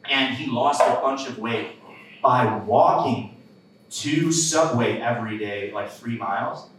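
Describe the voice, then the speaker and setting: A man's voice: medium pitch, a little slow, a bit bright, very echoey, far from the mic, low-quality recording. Laid-back man telling stories on a comedy stage. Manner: casual storytelling with laughs and filler words. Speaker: stand-up comedian. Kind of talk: live stand-up comedy set.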